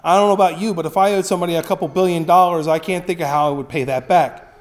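A man preaching a sermon with a notably high-pitched voice. He talks conversationally and often checks in with his listeners as he teaches. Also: fairly even intonation, quick pace. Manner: conversational, with frequent tag questions. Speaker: pastor.

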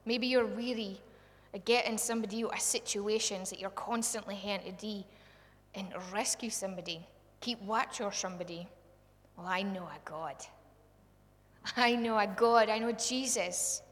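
A woman with a Scottish accent preaching a sermon, fervent, swinging from hushed to loud. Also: medium pitch, normal speed. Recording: long hall reverb.

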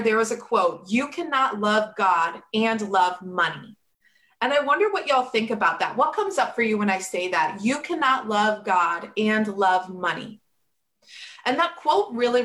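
A woman with a fairly high voice delivers a motivational talk, hammering her points home through repetition. She speaks to her listeners directly, calling them y'all. Her voice rings out in a noticeably echoey room. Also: a bit bright.

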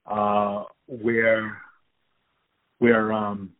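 A man's voice: fairly low pitch, monotone, drawn-out words. A man in casual talk about a movie, enthusiastic and rambling, with many fillers and restarts. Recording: tinny phone-like audio.

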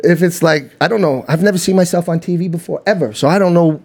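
Animated Canadian man telling stories. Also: on the high side, fast talker. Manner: animated, fillers like "you know what I mean", laughs often. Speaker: podcast guest. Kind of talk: casual storytelling.

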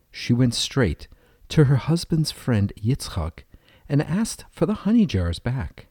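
Mellow-voiced male storyteller. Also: medium pitch, dry recording, clean studio sound. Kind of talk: storybook narration.

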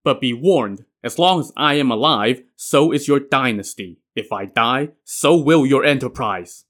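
A man's voice: mid-range voice, animated, measured pace, fairly bright tone. A man voicing a loyal, righteous elderly minister who speaks in stern, declaiming lines. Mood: indignant.

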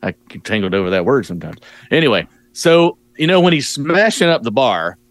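A man's voice: mid-range voice, big pitch swings, brisk, no room sound. A man co-hosting a podcast, talking in a rambling, casual way full of fillers. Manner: rambling, filler-heavy reactions. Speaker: podcast co-host. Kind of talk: casual chat.

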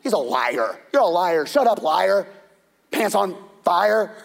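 A man's voice: sits high, sing-song, slow, vocal fry, voice pushed up, heavily acted. A man doing a taunting older brother. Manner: taunting, loud. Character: mocking older brother, scornful young man.

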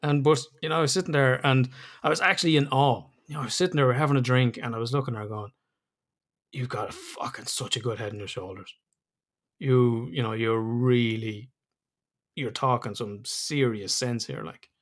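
A man's voice: mid-range voice, fairly even intonation, normal speed. A middle-aged man, hosting a podcast in casual chat, candid and reflective, swearing freely. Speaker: podcast host.

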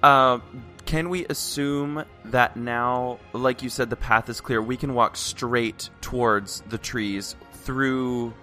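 Sick guy, stuffy voice, talks real slow, bright tone that swings up and down. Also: medium pitch, steady tone, faint music behind. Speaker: player. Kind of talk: casual tabletop game chat.

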